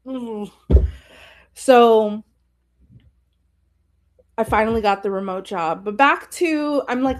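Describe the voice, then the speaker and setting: A young adult woman hosting a podcast, telling a personal story in a rambling, emotional way with many fillers. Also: mid-range voice. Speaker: podcast host.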